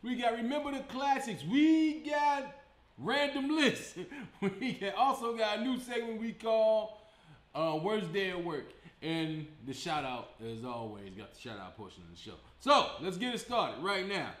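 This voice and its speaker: A man from Chicago hosting his comedy show, talking in an animated, profane style and laughing often. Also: high voice, measured pace, echoey room. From Chicago, USA. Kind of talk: casual comedic monologue.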